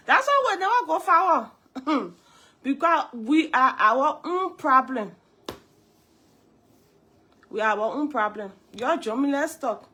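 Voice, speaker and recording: This live stream host is a Liberian woman whose voice, though hoarse from a cold, stays high and bright. Speaking Liberian English, she talks straight to viewers, calls out their names in greeting, and hammers her points home through repetition.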